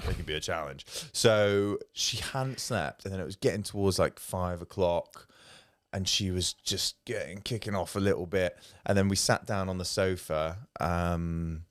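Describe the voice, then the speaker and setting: A man co-hosting a casual podcast chat, jokey and animated as he tells anecdotes. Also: low voice, unhurried, no echo, clean studio sound. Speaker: podcast co-host, father of a toddler.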